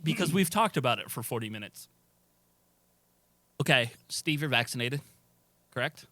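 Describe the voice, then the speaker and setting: A man co-hosting a casual comedy roundtable, steering the talk and laughing loudly. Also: medium pitch, animated, moderate pace, dry recording. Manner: runs the conversation, laughs loudly. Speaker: podcast co-host.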